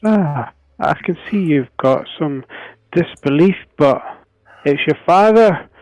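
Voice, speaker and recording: A man's voice: fairly high pitch, lively intonation, slow pace, darkish tone, no echo, poor audio. A man playing a sly, persuasive con man. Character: sly male con artist spinning a lie.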